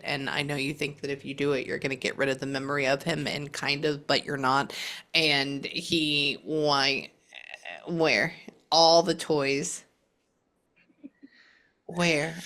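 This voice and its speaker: A woman psychic medium in a spirit reading session with a client, speaking in an earnest, reassuring way, with frequent halting pauses and asides as she relays messages. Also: low voice, flat delivery, a bit bright.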